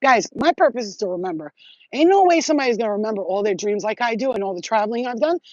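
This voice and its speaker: A woman talking straight to her viewers in a rambling, excitable, profane monologue full of street slang. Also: fairly high pitch, fast, no echo, muffled recording. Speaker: spiritual vlogger.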